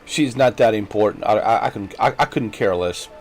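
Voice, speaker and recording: A man's voice: lowish voice, fairly quick, darkish tone, soft background music. Exasperated man ranting over gameplay. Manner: exasperated ranting, repeats words, swears then apologizes. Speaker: gaming streamer. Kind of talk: frustrated live gameplay commentary.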